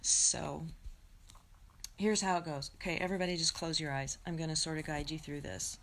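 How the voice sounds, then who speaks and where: Chatty woman teaching meditation. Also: low-pitched. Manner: chatty and animated, laughing, then slow soothing guidance. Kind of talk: live-streamed meditation class. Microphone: phone or computer mic.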